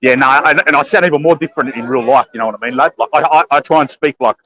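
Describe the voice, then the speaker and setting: An Australian man in casual conversation, talking quickly and calling everyone lad or bro. His manner is laid-back. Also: mid-range voice, crowd noise, rough recording. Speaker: guest caller. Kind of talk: casual chat.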